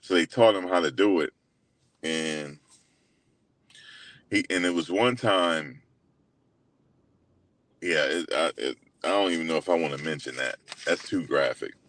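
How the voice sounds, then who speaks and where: A young man hosting his own channel, retelling a story in a loose, slangy way full of fillers, animated and incredulous as he quotes others. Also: a bass voice, a little slow, pauses often. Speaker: host. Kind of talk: casual storytelling recap.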